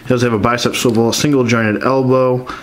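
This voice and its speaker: A man's voice: mid-range voice, steady tone, fairly quick, slight background noise. A stuffed-up man reviewing an action figure in an easygoing, conversational way. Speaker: toy collector reviewer. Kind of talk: casual toy review.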